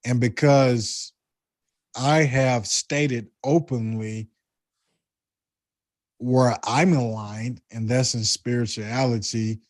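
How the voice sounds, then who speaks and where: Slow, deliberate man with a Southern US accent. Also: mid-range voice, darkish tone, no echo. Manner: deliberate, reflective, spiritual musings. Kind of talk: casual conversation.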